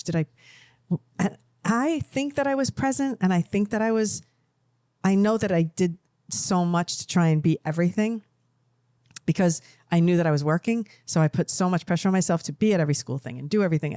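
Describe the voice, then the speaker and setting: A woman's voice: fairly low pitch, warm tone, no echo, clean studio sound. A middle-aged woman co-hosting a podcast, chatting casually and telling emotional, rambling stories. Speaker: podcast co-host. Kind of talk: casual chat.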